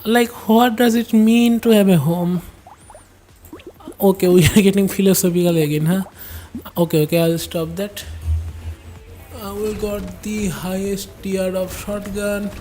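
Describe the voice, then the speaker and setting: A woman's voice: medium pitch, steady tone, unhurried, pauses often, dark tone, faint music behind. A woman commenting on her game during a livestream, musing aloud and rambling in asides to her chat. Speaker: game streamer.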